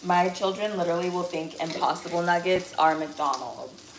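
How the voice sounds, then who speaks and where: A woman's voice: lowish voice, moderate pace. A young woman hosting a casual live cooking stream from her home kitchen, chatty and blunt, with casual swearing. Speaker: livestream host. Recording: roomy kitchen echo, faint background noise.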